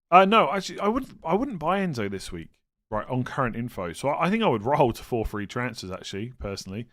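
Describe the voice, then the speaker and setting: A young man hosting a casual live stream, reading viewer questions aloud and thinking out loud with self-mocking humor. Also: medium pitch.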